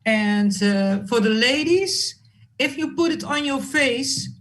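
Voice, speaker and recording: A woman's voice: high-pitched, animated, slow pace, fairly bright tone. A woman chatting on a video call, speaking hesitantly and laughing easily. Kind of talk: casual chat.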